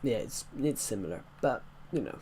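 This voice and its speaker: A man with a West Country English accent talks to his live chat as he plays, looping back and restarting his sentences as he goes. His pitch sits in an ordinary middle range. Faint keyboard typing can be heard behind him. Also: lively intonation, moderate pace, mellow, a little hiss or hum. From England. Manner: rambling, chatty, talks to viewers with many restarts. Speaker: streamer. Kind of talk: casual live-stream chat while playing.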